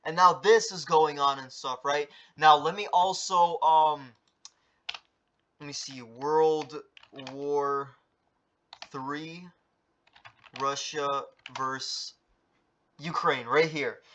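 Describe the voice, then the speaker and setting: A man talks through a casual news update vlog, rambling and tossing in "right?" after almost every point, with some swearing. His voice sits high and bright with a sharp edge. The recording is dull and lo-fi, as if made on a cheap home mic. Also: fairly even intonation, slow pace, pauses often, slight background noise. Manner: rambling, filler-heavy, swears, keeps asking "right?". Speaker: vlogger giving a news update. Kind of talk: casual talk, reading headlines aloud.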